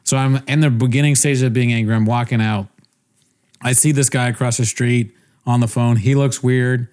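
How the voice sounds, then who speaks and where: A man's voice: medium pitch, fairly even intonation, moderate pace, a little mellow. A young man on a podcast telling a rambling story in casual chat, interrupting himself and laughing often. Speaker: podcast co-host.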